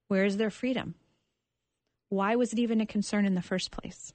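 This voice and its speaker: A woman's voice: mid-range voice, steady tone, normal speed, long pauses, a little mellow, dry recording. A woman guest on a radio talk show, speaking thoughtfully and earnestly with frequent fillers. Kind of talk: reflective discussion.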